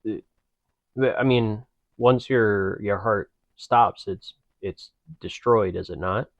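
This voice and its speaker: A man's voice: lowish voice, no room sound. A man co-hosting a podcast, making wry, joking comments in casual banter. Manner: wry, joking asides, slow drawl. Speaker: podcast co-host.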